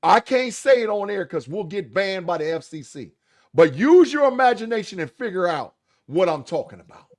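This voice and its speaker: A man's voice: sits high, sing-song, normal speed. A man co-hosting a sports podcast, arguing his point bluntly and emphatically in casual debate. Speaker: podcast co-host.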